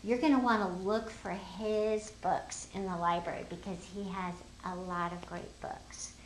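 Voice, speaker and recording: A woman's voice: medium pitch, steady tone, a little slow, a little hiss or hum. Upbeat older woman teaching in a roomy echo. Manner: upbeat, teacherly, talks to viewers as fellow teachers. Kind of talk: explaining a classroom phonics lesson.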